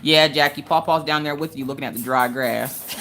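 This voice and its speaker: Chatty, low-voiced woman livestreaming from home. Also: fairly bright tone, slight background noise. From Pennsylvania. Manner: chatty, laughs often, tells family stories. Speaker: crafting livestream host. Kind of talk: casual livestream chat. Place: home, indoors.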